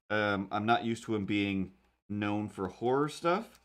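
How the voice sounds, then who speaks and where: A man hosting a livestream, chatting casually while he draws and telling rambling, animated stories with quick put-on voices. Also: fairly low pitch. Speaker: livestream host. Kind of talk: casual chat while drawing.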